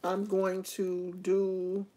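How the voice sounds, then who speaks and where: A woman's voice: medium pitch, monotone, drawn-out words, mellow. A woman vlogger in casual chat, rambling and opinionated as she talks to her viewers.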